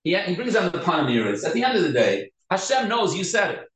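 Guy giving a talmud class, a bit high-pitched, talks fast and restarts a lot, echoey room. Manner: animated, quick, with many restarts and Hebrew terms. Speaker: Torah teacher.

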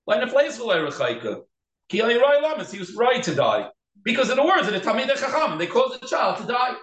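A man teaching a Torah class as a rabbi, animated, mixing Hebrew terms into English and acting out quoted speech. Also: extremely high pitch, fairly quick. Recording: roomy echo.

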